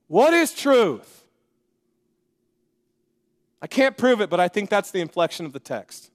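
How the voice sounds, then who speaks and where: High-voiced, lively male preacher. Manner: energetic, conversational, with joking asides to the congregation. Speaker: pastor. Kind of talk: sermon. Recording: long reverb of a large hall.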